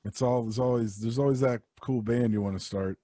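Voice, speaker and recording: A man's voice: mid-range voice, fairly even intonation, brisk, mellow. A young man in easy podcast banter who jokes around and breaks into sung snippets. The sound is dry and close, with no room echo. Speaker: podcast co-host. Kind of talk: casual chat.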